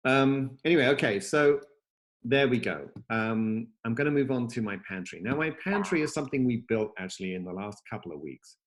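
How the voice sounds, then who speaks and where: A man from a software company demos his app from home on a casual video call, upbeat and rambling with plenty of fillers and restarts. He has a mid-range, animated voice and talks a little fast.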